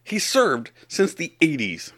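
A man's voice: fairly high pitch, huge pitch swings, slow, fairly bright tone. A man co-hosting a satirical podcast chat, dry and mock-indignant, cursing casually. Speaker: podcast co-host.

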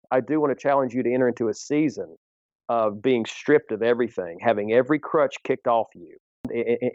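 A man's voice: mid-range voice, no echo. Author guy on a faith podcast, emphatic, trips over his words, dry muffled sound. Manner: emphatic, challenging, stumbles on restarts. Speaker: guest author.

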